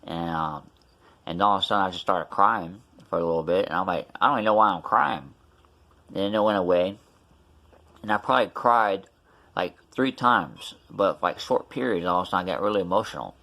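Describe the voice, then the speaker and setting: A man's voice: deep voice, brisk, bright, forceful tone. A man vlogging casually about his tooth extraction, rambling with many fillers and restarts, his mouth still numb. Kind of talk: casual storytelling vlog.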